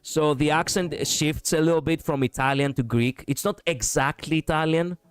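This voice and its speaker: A man's voice: on the high side, moderate pace, smooth, dry recording. A man from Europe hosting a livestream, chatting casually, rambling and repeating himself with frequent laughs. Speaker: streamer host.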